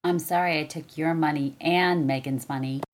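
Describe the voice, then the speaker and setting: A woman reading aloud, voicing a boy in a higher, louder voice. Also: fairly even intonation, normal speed, lightly acted. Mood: rueful. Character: boy, upset and excitable.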